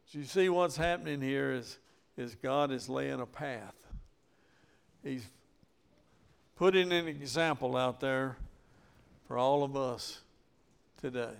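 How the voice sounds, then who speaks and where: Man preaching from the pulpit, gravelly but resonant, slow and emphatic. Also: mid-range voice. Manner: preaching with rising emphasis and acted Bible quotes. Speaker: pastor. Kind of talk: sermon.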